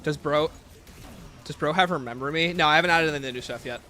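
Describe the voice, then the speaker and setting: A man's voice: fairly high pitch, fairly quick, pushed and bright, slight background noise. A man streaming a game live, chatting casually with his chat in a joking, self-mocking way. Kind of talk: live gameplay commentary, reading chat. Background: faint game music playlist.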